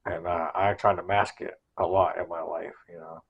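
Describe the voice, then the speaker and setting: A man's voice: low-pitched, level tone, normal speed, slightly rough, highs cut off. A man hosting a podcast, casually recapping in a rambling way with many fillers. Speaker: podcast host.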